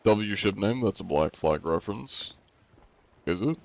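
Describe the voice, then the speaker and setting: A man with a put-on Russian accent chats and teases his viewers while he plays a game, his voice sitting fairly low. The stream audio sounds a little muffled and dull. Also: expressive, measured pace, vocal fry. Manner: joking, teasing, playing a mock-Russian persona. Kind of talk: casual livestream gaming chat.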